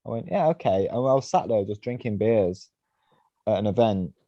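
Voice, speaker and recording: Expressive and moderately paced, this lowish male voice belongs to a mountainboarder being interviewed on a podcast, telling long, rambling stories full of "you know" and "right?". The recording is dry with the highs cut off.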